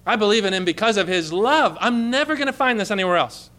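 High, bright-voiced male preacher. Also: expressive, fast talker. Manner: impassioned, quoting scripture in a hushed tone. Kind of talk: sermon.

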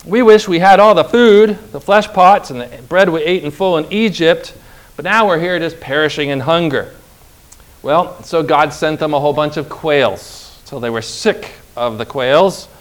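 A man preaching a sermon, retelling scripture in a lively way and acting out the people's complaints in quoted voices. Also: on the high side, moderate pace.

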